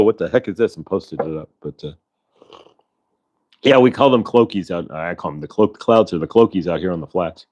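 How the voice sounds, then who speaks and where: A man's voice: fairly low pitch, darkish tone, muffled recording. A man hosting a live-stream show, chatting casually with viewers in a rambling way, full of fillers and restarts. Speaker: host of a live spiritual channeling show. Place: at home in Colorado.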